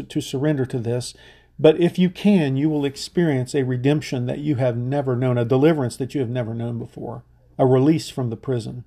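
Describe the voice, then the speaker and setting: A man's voice: medium pitch, fairly even intonation, a little fast, gravelly, warm tone. A middle-aged man, a pastor, preaching a sermon in an earnest way, often restarting his words.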